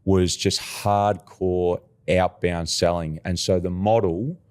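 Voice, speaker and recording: A middle-aged Australian man, a recruitment agency founder, telling animated stories as a podcast guest, slowing down to stress key points. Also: low voice, smooth. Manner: animated storyteller, emphatic, slows down for key points. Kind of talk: podcast interview.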